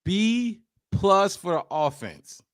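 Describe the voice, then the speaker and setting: A man hosting a casual sports podcast, lively and talkative, calling out fans in the chat. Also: high-pitched, clean tone, no room sound, clean studio sound. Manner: lively, hypes the chat, quick asides. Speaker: podcast host.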